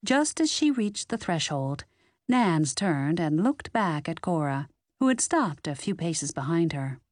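A woman narrating a mystery audiobook in an expressive, unhurried storytelling manner. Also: sits low, no room sound, studio quality. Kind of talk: scripted narration.

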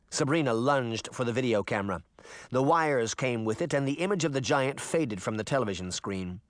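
A man narrating an audiobook chapter in an expressive storytelling manner. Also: medium pitch, fairly quick, no room sound, clean studio sound. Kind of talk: scripted narration.

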